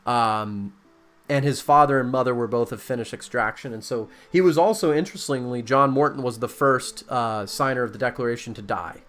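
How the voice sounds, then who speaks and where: A man's voice: medium pitch, fairly quick, fairly bright tone, faint music behind. A man hosting a casual conversation, explaining and reading out facts with many fillers and restarts.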